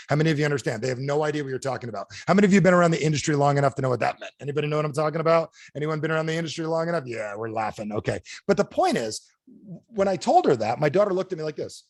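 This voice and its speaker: A man delivers a lively motivational sales talk with a voice that swoops up and down. He keeps asking his listeners questions to pull them in. The sound is dry and close, with no room around it. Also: on the high side, racing, no room sound. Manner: animated, asks the audience repeated questions. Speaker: motivational speaker. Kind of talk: energetic sales training talk. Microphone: video call.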